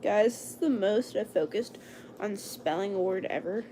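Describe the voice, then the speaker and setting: A young woman livestreaming from home at night, casually chatting to viewers as she draws lettering and talking herself through each step, sometimes in a hushed whisper. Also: medium pitch, normal speed, a little hiss or hum. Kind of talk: casual livestream chat while drawing.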